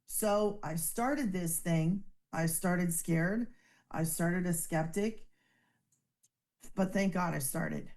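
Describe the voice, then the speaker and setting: A woman's voice: on the low side, darkish tone. A woman giving an earnest, emotional personal success testimonial over a video call. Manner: earnest, emotional, fast-talking storyteller. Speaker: business testimonial speaker.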